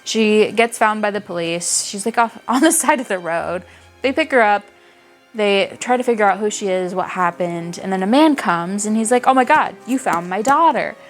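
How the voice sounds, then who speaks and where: A young woman reviewing books in a casual, animated chat, gushing and swearing freely. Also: mid-range voice, normal speed, soft background music. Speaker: book reviewer.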